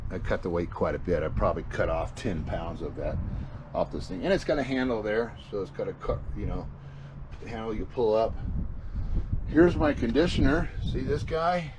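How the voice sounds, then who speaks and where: A low-voiced middle-aged American man rambles through a casual gear update, restarting sentences, dropping fillers and swearing now and then. He sounds like he's filming himself indoors with a handheld camera. A clear hiss of background noise runs under everything. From USA. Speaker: solo gigging musician. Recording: noisy home video recording.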